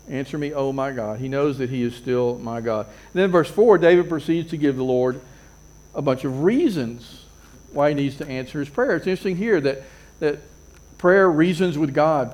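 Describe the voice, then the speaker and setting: A man's voice: on the high side, a little mellow. A man preaching a sermon as a pastor, earnest, repeating phrases and building emphasis.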